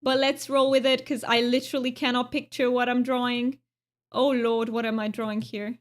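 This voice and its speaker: A woman's voice: fairly high pitch, level tone, moderate pace. A woman live streamer chatting casually with viewers while she draws, scattered and self-interrupting, often repeating her words.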